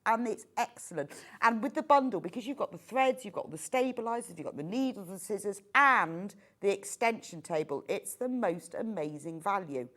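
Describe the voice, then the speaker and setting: British lady shopping channel host, bouncy animated pitch, chatty sales talk. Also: moderate pace, few pauses. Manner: chatty, enthusiastic selling. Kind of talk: TV shopping presentation.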